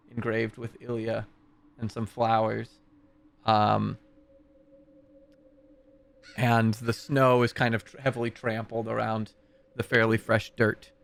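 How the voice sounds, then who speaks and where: A young man narrating a tabletop game as game master, slowly and with hesitant fillers. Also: mid-range voice, vocal fry.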